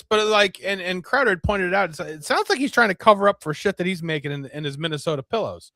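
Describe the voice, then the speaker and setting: A man's voice: sits high, expressive, fairly quick, a bit bright, no room sound, clean studio sound. A man hosting a casual podcast stream, rambling with fillers and frequent swearing. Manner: rambling, profane, many fillers. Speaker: podcast host. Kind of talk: casual live-stream chat.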